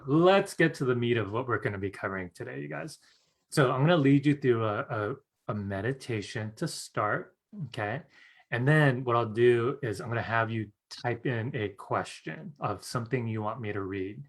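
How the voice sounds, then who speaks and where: At a moderate pace and in a mid-range voice, a man teaches a live-streamed class on psychic skills. He's chatty and earnest, laughing often and filling his talk with "you guys" and "right?".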